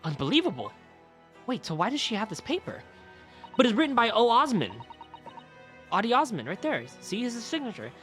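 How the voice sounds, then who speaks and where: A man streaming a game, talking through it in an animated, excitable way with swearing and laughs. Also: very high voice, a little fast, pauses often, soft background music. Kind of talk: casual game commentary.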